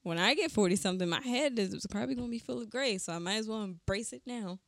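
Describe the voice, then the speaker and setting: A woman's voice: on the high side, animated, quick pace, no echo, clean studio sound. Playful giggly young woman. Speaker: podcast co-host. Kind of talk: casual chat.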